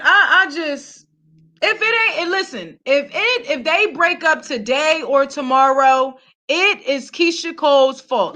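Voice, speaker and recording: This woman from Philadelphia hosts a celebrity gossip vlog, cursing and ranting heatedly as she looks straight into the camera. Her voice sits high with lively intonation and a sharp tone, and she speaks slowly.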